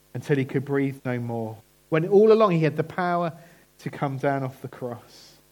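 A man preaching a sermon in a church, earnest and emphatic, slowing down on key phrases. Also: on the high side, darkish tone.

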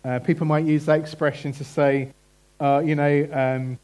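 A man's voice: on the high side, level tone, normal speed, darkish tone, low-quality recording. A man preaching a conversational sermon and putting questions to the congregation. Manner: chatty, asks the congregation questions.

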